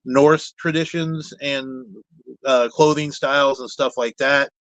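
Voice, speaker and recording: A man talking as a guest in a relaxed, meandering way, candid and a little salty with his words. His voice sits at an ordinary middle pitch. The sound is dry and close, without room echo. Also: slow. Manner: rambling, candid, peppered with mild cussing. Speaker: guest, puppet builder. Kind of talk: casual chat.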